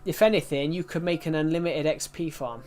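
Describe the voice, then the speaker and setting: A man's voice: a little high, a little fast, darkish tone, soft background music. A man chatting casually while streaming a game, rambling and answering viewers' questions as he plays. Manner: rambling, restarts sentences, answers chat questions. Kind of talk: casual live-stream chat while playing.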